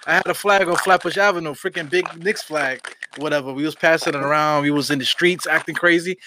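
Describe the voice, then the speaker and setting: A man from Brooklyn hosts a casual sports podcast. He rambles in a slightly high voice, full of fillers and street slang, over a faint background hiss. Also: quick pace. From Brooklyn, New York. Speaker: podcast host.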